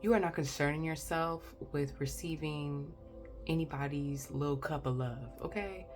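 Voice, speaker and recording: A woman's voice: low-pitched, moderate pace, faint music behind. A woman giving a chatty pick-a-card tarot reading, exclaiming and talking straight to her viewers. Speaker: tarot reader.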